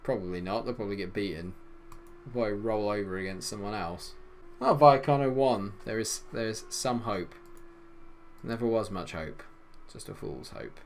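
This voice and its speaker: A young man commentating on his football management game, swinging between loud exasperation and low grumbling. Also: a little hiss or hum. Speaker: gaming YouTuber.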